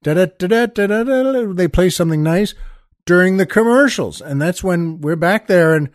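A man, a comedian, telling an animated backstage anecdote and acting out the other people in it. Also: high-pitched, normal speed, no echo, studio quality. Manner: animated, acts out quoted voices, shifts between hushed and loud. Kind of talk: storytelling anecdote.

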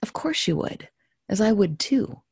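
Woman storyteller, low husky voice, slow and playful delivery in rhyme. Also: sing-song, no room sound, studio quality. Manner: gentle, playful, musing. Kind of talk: reading a rhyming story aloud.

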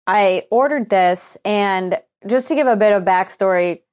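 A woman's voice: mid-range voice, unhurried, darkish tone, smooth. A young woman co-hosting a podcast, telling a story as a casual rant, swearing freely and acting out both sides of her email exchanges. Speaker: podcast co-host.

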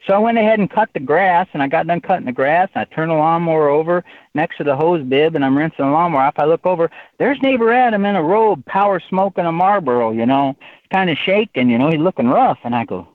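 A man's voice: fairly high pitch, fast talker, no room sound. A man who is an author, telling a rambling anecdote in an interview and often saying "you know". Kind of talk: storytelling in an interview. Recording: tinny phone-like line.

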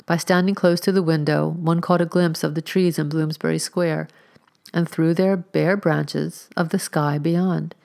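Woman narrator, low gravelly voice, measured wry read. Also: steady tone, a little mellow. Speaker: audiobook narrator. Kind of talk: scripted narration.

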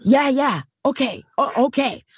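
Brief: a woman doing a jittery older actor, halting and unsure. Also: very high-pitched, noisy background, pitched above the performer's own voice. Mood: nervous. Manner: hesitant and halting. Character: nervous, earnest older male actor.

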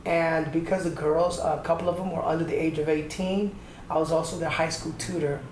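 Middle-aged guy from atlanta telling his story, lively, does the voices, echoey room, bit of hiss. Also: fairly high pitch, a little fast. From Atlanta, Georgia. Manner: animated storyteller who acts out quoted voices. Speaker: guest, choreographer and dancer. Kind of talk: conversational interview storytelling. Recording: echoey room with faint background noise.

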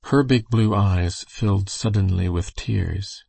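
A man reading a novel aloud as an audiobook narrator, with steady, unhurried storytelling. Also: sits low, vocal fry, breathy edge, no room sound. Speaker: audiobook reader. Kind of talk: scripted narration.

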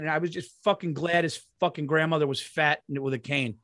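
A man venting with exasperated, profane energy as he chats with his co-host. His voice is a touch high. The recording is dry and close. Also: fairly even intonation, fast talker, a bit bright, dry recording. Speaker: podcast co-host. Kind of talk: casual crude banter.

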